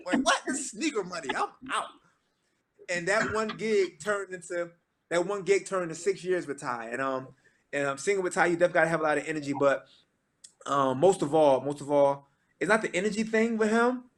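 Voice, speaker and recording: A man in his thirties tells his story to a church crowd in lively, slangy speech, full of quoted asides. His voice sits a little higher than most men's. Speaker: gospel singer giving testimony. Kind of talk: storytelling testimony to a church audience.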